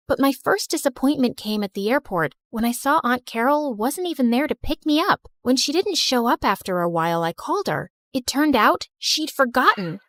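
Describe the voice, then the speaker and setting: A young woman narrating a first-person story in a scripted, confessional, expressive manner. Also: high-pitched, dry recording, clean studio sound.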